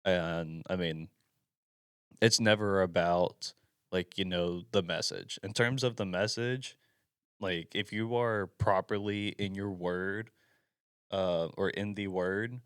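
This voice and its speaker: A man's voice: deep voice, steady tone, slow, clean tone, dry recording, clean studio sound. A young man co-hosting a podcast, talking earnestly and a bit rambly about youth ministry. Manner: earnest, rambling, heavy on fillers. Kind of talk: casual chat.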